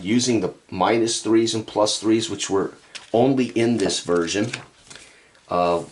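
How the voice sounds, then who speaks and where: A man's voice: deep voice, slight background noise. A man who designed the game, giving chatty solo play-by-play of a tabletop football match, breaking off into casual asides about the rules and speeding up on big plays.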